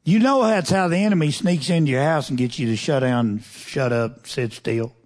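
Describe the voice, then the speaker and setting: Preaching with big swings in pitch, a man reads from scripture and then comments folksily, stopping to ask his congregation pointed questions. His voice is fairly high and a little mellow, and he speaks a little fast.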